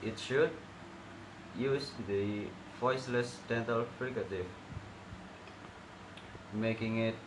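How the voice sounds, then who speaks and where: A young male student slowly reading out a pronunciation assessment and demonstrating sounds. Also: on the low side. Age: young adult. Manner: slow, careful, demonstrating sounds. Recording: echoey room with noticeable background noise.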